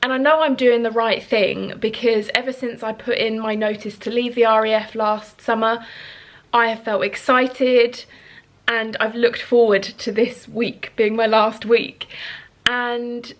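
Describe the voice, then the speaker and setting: A woman's voice: a little high, steady tone, unhurried. Chatty woman in her thirties. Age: 30s. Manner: earnest, chatty, rambling with fillers. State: emotional, sniffling. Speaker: vlogger. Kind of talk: casual chat to camera. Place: at home.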